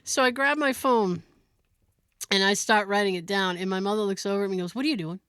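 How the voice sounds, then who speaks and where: A woman co-hosting a podcast, telling a story in a casual, animated way and laughing often. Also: mid-range voice, brisk, clean tone, dry recording, studio quality. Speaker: podcast co-host.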